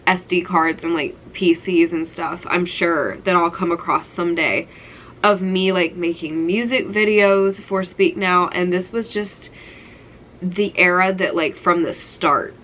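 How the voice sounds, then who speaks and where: A woman's voice: lowish voice, fairly even intonation, a little slow, a bit bright, a little hiss or hum, low-quality recording. A young woman in her twenties talking through a keepsake collection, gushing and nostalgic, with lots of "like". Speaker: vlogger. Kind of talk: casual show-and-tell vlog.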